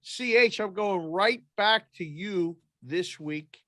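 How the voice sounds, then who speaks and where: A man's voice: high-pitched, takes it slowly, sharp tone, no echo. A man hosting a sports podcast, chatting in an upbeat way and plugging the show's segments. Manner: upbeat, chatty, plugs the show. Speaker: podcast host. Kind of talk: casual podcast chat.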